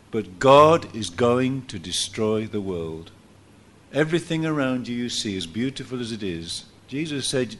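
A man preaching a sermon in church, telling a story lively and acting out what people said. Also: medium pitch, unhurried, a little hiss or hum. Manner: animated storytelling, acts out quotes with laughs.

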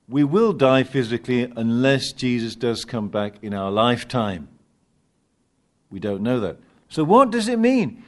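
An older man preaching a sermon, swinging from loud emphatic lines to quiet asides. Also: medium pitch. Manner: animated preaching, rising loud on key words, dropping to quiet asides.

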